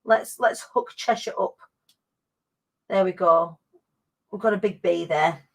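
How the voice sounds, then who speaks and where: A woman's voice: lowish voice, unhurried, vocal fry. A woman, hosting a casual live-stream chat in a bubbly way, full of British slang. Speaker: host.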